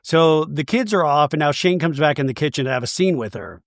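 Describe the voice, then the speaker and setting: Speaking briskly in a slightly high voice, this podcast host runs through a reality show episode in a relaxed, self-mocking way, imitating cast members as he quotes them. The sound is clean studio audio with no room sound.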